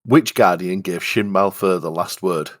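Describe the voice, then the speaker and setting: A man's voice: low-pitched, a little slow. A man co-hosting a podcast, chatting casually, rambling and laughing as he quizzes the others. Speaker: podcast co-host. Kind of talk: casual chat.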